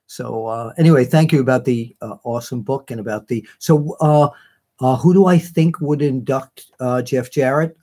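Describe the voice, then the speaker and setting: A man's voice: mid-range voice, darkish tone. A man hosting a live online show, chatting casually and reading out viewer comments in a rambling way, with many fillers and self-corrections.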